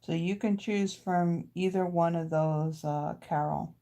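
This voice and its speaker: Slow, chatty woman hosting a craft stream. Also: fairly low pitch, steady tone, dark tone. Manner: chatty, thanks viewers by name, talks while tidying her desk. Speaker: host of a live card-making stream. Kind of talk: casual live-stream chat with viewers. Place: home craft studio.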